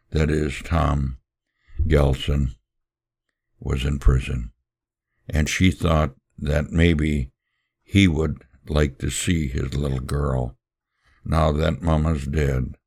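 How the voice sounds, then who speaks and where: A man's voice: very deep voice, darkish tone, heavily acted. A man voicing a poor, orphaned little girl who pleads earnestly through tears.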